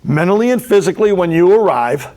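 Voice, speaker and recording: A man's voice: high-pitched, lively intonation, fast, mellow. Emphatic man giving a motivational speech. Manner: emphatic, repeats key phrases for effect. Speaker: speaker giving opening remarks.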